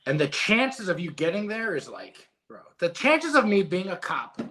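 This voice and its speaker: A middle-aged man, a former boxer being interviewed, who tells stories in a casual, animated and emotional way and swears freely. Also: high voice, normal speed. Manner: emotional, animated storytelling with profanity. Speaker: guest, former heavyweight boxer.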